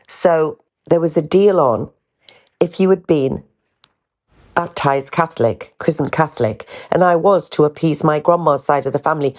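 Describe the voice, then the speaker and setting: A woman's voice: low voice, moderate pace, darkish tone. A middle-aged woman hosting a podcast. She tells stories in a candid, rambling way with asides. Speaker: podcast host. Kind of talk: casual storytelling chat.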